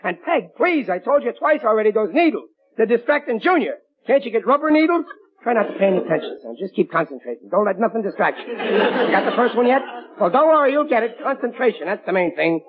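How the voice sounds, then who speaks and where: Brief: high, fast-talking husky sitcom dad, bossy and exasperated, from a tinny old radio broadcast. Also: male voice, very animated. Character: blustering, fussy working-class dad. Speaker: father of the household. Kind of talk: 1940s radio sitcom acting.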